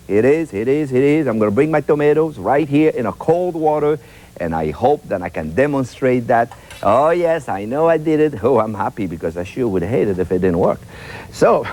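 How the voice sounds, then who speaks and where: A man's voice: on the high side, darkish tone. A man hosting a TV cooking show, chatty and enthusiastic as he demonstrates a recipe and repeats words for emphasis. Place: TV studio kitchen.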